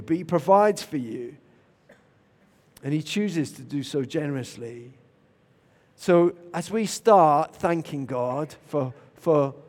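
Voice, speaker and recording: Guy preaching in a big echoey hall, bit high voice, gets loud then goes quiet. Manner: animated, shifts to loud shouts and quiet reflection. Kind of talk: sermon with storytelling. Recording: long reverb of a large hall.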